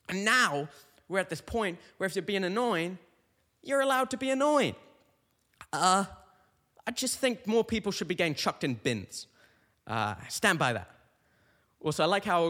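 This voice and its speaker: A young man riffs through a loose stand-up monologue, his voice sitting a little high. He delivers it deadpan and meandering, breaking off and restarting his thoughts. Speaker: stand-up comedian, podcast host. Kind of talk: rambling comic monologue.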